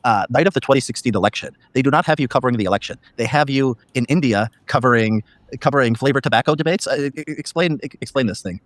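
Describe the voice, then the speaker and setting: A man interviewing a guest, asking questions in a halting way with frequent restarts. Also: mid-range voice, no room sound. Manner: halting, many restarts and fillers. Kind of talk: conversational interview.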